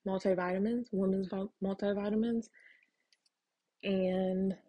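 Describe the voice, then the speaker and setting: A woman's voice: medium pitch, steady tone, measured pace, dry recording, muffled recording. A woman hosting a casual solo podcast, talking frankly with lots of ums and casual swearing. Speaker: podcast host.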